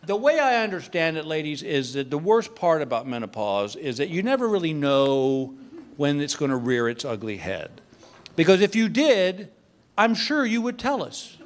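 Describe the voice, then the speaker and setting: A man's voice: on the high side, normal speed, slight background noise. An older man doing a stand-up comedy routine on a club stage, telling stories with mock exasperation. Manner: animated storytelling, mock exasperation.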